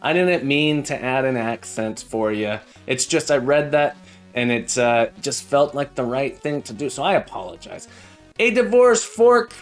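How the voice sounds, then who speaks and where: A man streaming live code, thinking aloud in a halting way with many fillers and restarts, and chatting in a friendly way with his viewers. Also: mid-range voice, faint music behind.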